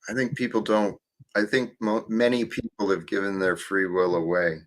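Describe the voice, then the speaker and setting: A man's voice: lowish voice, level tone, moderate pace. A man hosting a livestream, talking casually and reflectively about faith and life, with some restarts. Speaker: livestream host.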